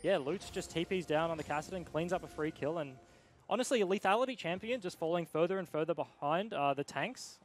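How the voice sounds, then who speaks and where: A young man giving quick, analytical play-by-play for an esports match. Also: on the high side, soft background music. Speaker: esports caster. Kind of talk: fast esports commentary.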